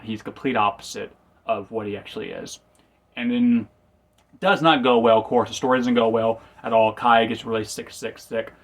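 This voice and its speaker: Man, casual review, rambling, self-correcting, mid pitch.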